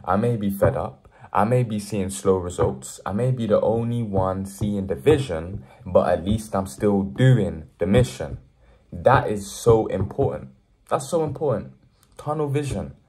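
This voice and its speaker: A young man with a lowish, slightly mellow voice speaks directly to the camera at a measured pace, his intonation lively. In this earnest motivational vlog he preaches hard work, building up to emphatic pushes.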